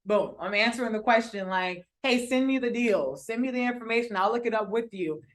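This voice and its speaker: A woman's voice: on the high side, fairly quick. A woman teaching real estate wholesaling at a live workshop, talking casually with slang and acted-out quotes of the people she deals with. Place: room with a live audience.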